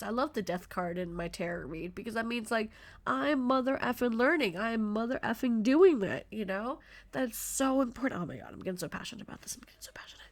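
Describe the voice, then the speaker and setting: Passionate, rambling woman podcaster. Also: mid-range voice. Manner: effusive, passionate, rambling with self-interruptions. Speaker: podcast host. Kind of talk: motivational solo podcast talk.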